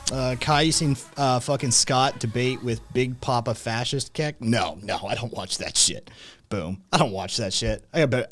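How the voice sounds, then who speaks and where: A man talks loosely to his live chat, rambling, repeating himself and swearing freely. His voice sits at an ordinary middle pitch. Faint music plays underneath. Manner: profane, rambling, animated. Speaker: podcast host. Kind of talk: casual livestream chat, reading chat.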